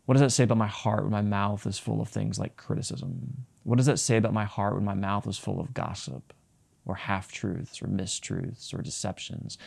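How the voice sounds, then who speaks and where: A man's voice: lowish voice, fairly even intonation, normal speed, vocal fry, darkish tone. A man preaching a sermon as pastor, reading scripture and explaining it earnestly, often repeating and restarting phrases. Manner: reads scripture aloud, then explains it.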